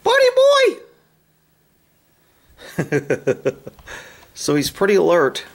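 Man with a very lively, joking voice. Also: unhurried, gravelly. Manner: joking, with high baby talk to the animals. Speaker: horse owner filming his horses. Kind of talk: casual vlog commentary. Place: outdoors at a pasture.

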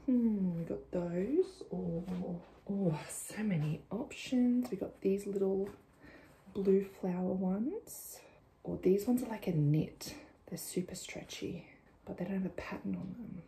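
A woman's voice: mid-range voice, creaky, dark tone, slight background noise. A young woman, chatting casually to camera as a first-time mum vlogger at home, rambling and often dropping to a whisper. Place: home, indoors. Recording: echoey room, faint ambience.

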